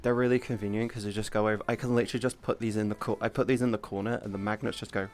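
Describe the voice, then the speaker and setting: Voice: mid-range voice, fairly even intonation, rapid-fire. A streamer in casual livestream chat, talking animatedly, swearing freely and often restarting sentences.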